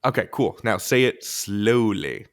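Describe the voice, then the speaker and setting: A man's voice: on the low side, animated, unhurried. A man co-hosting a poetry lesson, trading playful scripted banter and reading verse aloud.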